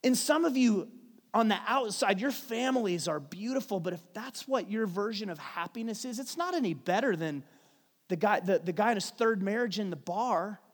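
A high-pitched male pastor preaches in a big church, and his voice rings with long reverb through the hall. He drops to near-whispers for the serious points, then bursts out loud and playful as he leads the crowd in call-and-response. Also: expressive. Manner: swings from hushed and slow to loud and playful, calls the congregation to repeat lines. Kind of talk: sermon.

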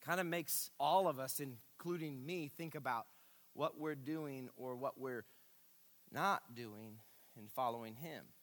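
A man pastor preaching a sermon in a church sanctuary, with emphatic bursts and hushed asides. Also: mid-range voice, unhurried. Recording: reverberant hall.

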